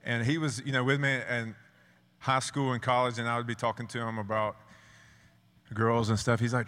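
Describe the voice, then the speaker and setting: A man from South Georgia with a Southern accent preaching a sermon, earnest and halting with many restarts. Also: mid-range voice, little pitch movement, a bit bright, big-room sound.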